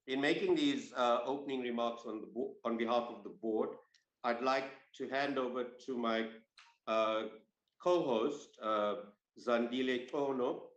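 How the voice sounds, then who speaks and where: A man hosting a panel discussion over a video call, measured in delivery and using fillers when he speaks off-script. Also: mid-range voice, a bit bright, roomy sound, poor audio. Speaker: host. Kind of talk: formal opening remarks and panel introductions.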